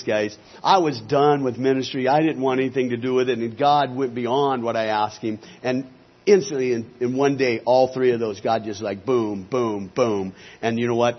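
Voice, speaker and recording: Earnest male pastor, husky voice, muffled lo-fi audio. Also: mid-range voice. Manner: earnest storyteller who acts out quoted voices. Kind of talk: telling a personal testimony. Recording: slightly dull lo-fi sound.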